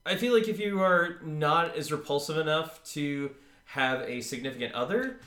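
A man's voice: fairly high pitch, lively intonation, moderate pace, a bit bright, reverberant. A man co-hosting a podcast in casual chat, rambling and laughing easily. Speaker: podcast co-host.

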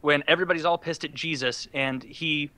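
A man in a casual chat, telling profane, animated stories and laughing as he talks. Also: fairly high pitch, a little fast, no echo. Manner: profane, animated storytelling, laughs while talking.

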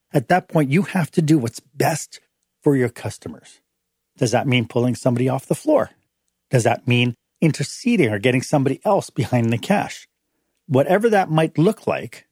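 Middle-aged male host, husky dry delivery, lively pitch, acts out little scenes. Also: dry recording. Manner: animated, acts out little dialogues in changed voices. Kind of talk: motivational management talk.

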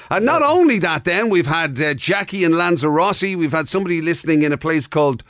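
A man's voice: on the high side, animated, a little fast, a bit bright, dry recording, clean studio sound. An Irish man hosting a breakfast radio show, bantering and laughing while reading out listener messages. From Ireland.

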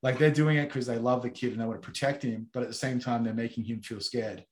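A man's voice: medium pitch, fast. Aussie guy chatting, lots of you know like, echoey room. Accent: Australian. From Australia. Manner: animated storytelling with many fillers. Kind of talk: casual discussion.

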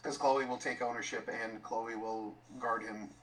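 A man on a casual podcast, ranting about a rule and joking deadpan. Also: mid-range voice, a little slow, low-quality recording. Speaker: podcast co-host. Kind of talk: casual chat.

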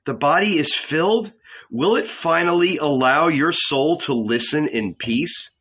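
A man reading a calm, grave teacher figure. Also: on the high side, a little slow, slightly rough, lo-fi sound. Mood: solemn. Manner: quiet, grave, steady. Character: calm solemn male teacher bidding farewell.

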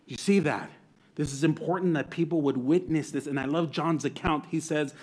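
A man preaching a sermon as pastor, enthusiastic and animated, reading scripture aloud and then expounding on it. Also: fairly high pitch, moderate pace.

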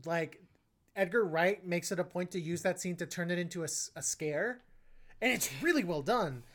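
On a laid-back movie review podcast, a co-host speaks at normal speed in a fairly low-pitched voice. Her talk meanders, full of restarts and frequent laughter.

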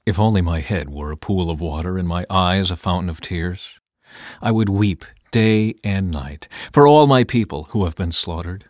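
A man reading scripture aloud in a measured, solemn and dramatic narration. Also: low voice, a little mellow, no room sound, clean studio sound. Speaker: scripture reader.

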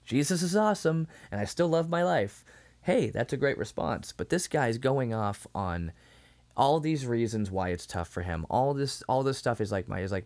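Laughing, animated man retelling scenes. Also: mid-range voice, moderate pace. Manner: animated retelling, acting out lines, laughs often. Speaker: podcast co-host. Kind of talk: casual chat.

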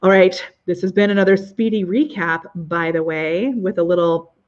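A woman's voice: fairly low pitch, steady tone, moderate pace, dull audio. A woman hosting a casual live video show from her living room, bubbly and exclamatory, gushing over her viewers. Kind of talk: casual live-stream chat.

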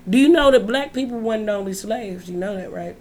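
A woman's voice: mid-range voice, a little fast, slight background noise. A woman in casual chat, blunt and profane, telling stories with lots of energy. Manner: blunt, profane, animated storyteller. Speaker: co-host.

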